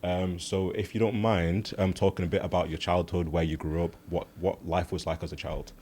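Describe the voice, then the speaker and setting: A man hosts a podcast, friendly and unhurried, with plenty of "um"s as he sets up his questions. His voice sits very low. A faint hiss of room noise runs behind him. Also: little pitch movement, darkish tone. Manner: friendly, laid-back, frequent "um"s. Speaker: podcast host. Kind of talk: casual podcast hosting.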